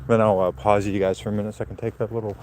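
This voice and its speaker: Male vlogger, lowish voice, rambling live walk outdoors in winter wind, phone mic, faint background noise. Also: little pitch movement, racing, a little mellow. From Central Florida. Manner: casual, rambling, talks to viewers. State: cold. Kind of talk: live walking vlog. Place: outdoors on a snowy, windy night. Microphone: handheld phone.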